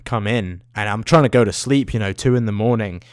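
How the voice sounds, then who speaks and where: A man's voice: lowish voice, fairly quick, clear, resonant tone. A young man, ranting into the camera, swearing often and trailing off into tangents. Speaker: vlogger. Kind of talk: profane rambling rant.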